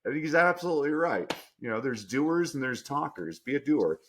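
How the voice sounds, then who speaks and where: A man speaking as a guest on a podcast, telling coaching stories with lots of energy, jumping from low asides up to loud, emphatic punchlines. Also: lively intonation, fairly quick, a little hiss or hum. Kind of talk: animated storytelling in a podcast interview.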